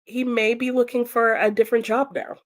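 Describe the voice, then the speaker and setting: A woman's voice: a little high, fairly quick. A young adult woman telling a long comic story in a casual way, acting out the voices of the people in it. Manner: animated, acts out quoted voices. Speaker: streamer hosting reading sprints.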